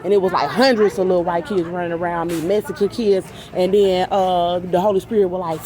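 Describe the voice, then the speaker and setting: A woman's voice: on the low side, fairly even intonation, brisk, hardly any pauses, dark tone. A woman in an agitated, rambling monologue to camera, profane and repeating herself. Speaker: vlogger. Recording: noisy background ambience.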